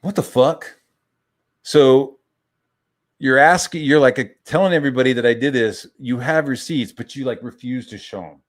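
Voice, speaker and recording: A man's voice: medium pitch, moderate pace. A man and crowdfunding creator ranting casually on a stream, heated and swearing constantly, often restarting his sentences. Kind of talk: profane casual rant on a stream.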